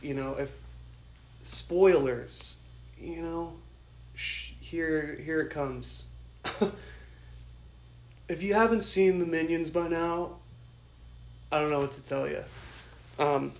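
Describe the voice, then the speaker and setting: A man in his twenties hosting a podcast, telling a rambling story in an excitable way and laughing often. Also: on the high side, a little hiss or hum. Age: 20s. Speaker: podcast host. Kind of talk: casual storytelling monologue.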